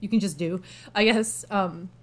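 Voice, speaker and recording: A woman's voice: mid-range voice, normal speed, fairly bright tone. A young woman chatting casually as she retells a story. She fills her talk with "like" and "um" and slips into little voiced quotes for the characters. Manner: chatty, filler-heavy, acts out characters' lines. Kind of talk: casual chat, retelling a novel's plot.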